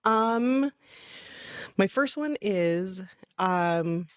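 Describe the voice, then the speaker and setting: A woman's voice: mid-range voice, lively intonation, very slow, no echo. Woman in her thirties; eager, emphatic co-host in a casual podcast chat; dry, close sound.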